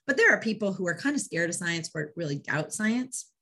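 A woman's voice: on the low side, a little fast. A woman who trains dogs, hosting a casual interview and telling stories with enthusiasm. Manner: enthusiastic, animated storyteller. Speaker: dog trainer and interview host.

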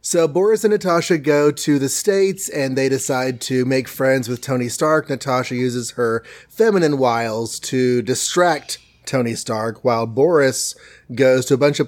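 Chatty man retelling comics. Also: mid-range voice. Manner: chatty, laughing, animated retelling with quick asides. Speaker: podcast co-host. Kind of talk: casual comic recap.

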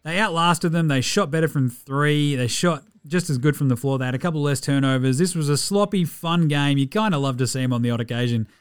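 A man's voice: fairly high pitch, a little fast, hardly any pauses, smooth, no room sound, clean studio sound. A man hosting a casual basketball recap podcast, rattling off stats and swearing freely. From Australia. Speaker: podcast host.

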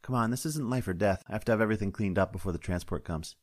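A man voicing a bored middle-aged diner waitress who speaks flatly and curtly. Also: on the low side, fast, close to an everyday voice. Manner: flat, curt.

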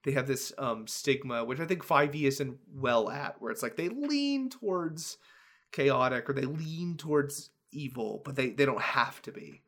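This is an eager man hosting a laid-back podcast chat, with a bright, forward tone. He talks in an easygoing way and laughs often. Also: medium pitch, expressive, a little slow. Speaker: podcast host and dungeon master.

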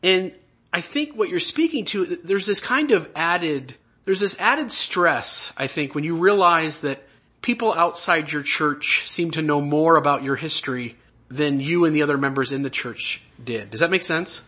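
Bright husky-voiced male podcast host. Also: fairly high pitch. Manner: earnest, halting, searching for words. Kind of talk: conversational interview.

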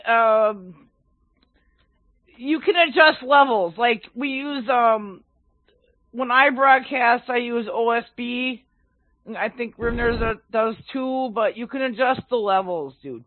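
A man's voice: very high voice, slow pace, no echo. A man co-hosting a casual podcast chat on a cheap headset mic, blunt and profane. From upper Midwest of the United States. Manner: profane, blunt, loud outbursts. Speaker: podcast co-host. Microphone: cheap headset microphone. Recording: phone-like narrow band, dry.

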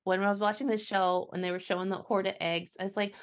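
A woman's voice: mid-range voice, little pitch movement, fast. A woman co-hosting a casual podcast chat, with dry, wry humor. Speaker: co-host.

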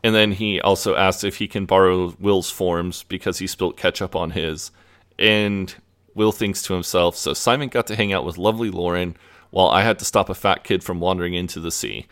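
A man's voice: low voice, steady tone, moderate pace, fairly bright tone. A man co-hosting a podcast, retelling a TV episode in a loose, chatty way with plenty of fillers. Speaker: podcast co-host. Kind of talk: casual episode recap.

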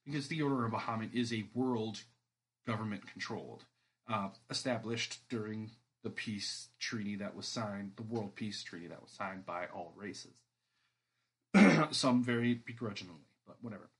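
A man serving as game master, narrating a tabletop game in a relaxed, rambling way with many fillers. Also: lowish voice, moderate pace.

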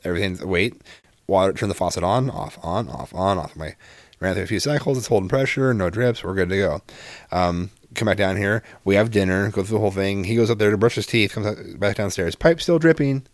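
A middle-aged man telling a long story casually, animated and profane, swearing freely. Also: lowish voice, fairly quick, no echo.

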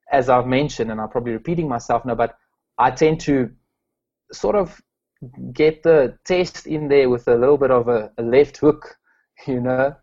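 A man's voice: mid-range voice, a little mellow, lo-fi sound. A man from South Africa, a strengths coach, answering interview questions with many fillers and restarts.

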